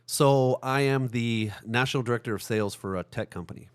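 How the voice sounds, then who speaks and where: A man as a podcast guest, telling stories in an animated, fast, laughing way in casual conversation. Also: medium pitch, clear, resonant tone.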